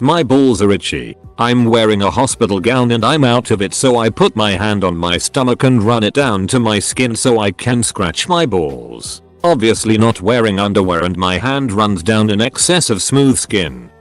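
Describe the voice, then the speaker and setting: A man with a fairly low voice narrates online stories in a scripted read. His delivery swings lively up and down, landing dry punchlines, while soft music plays faintly behind him.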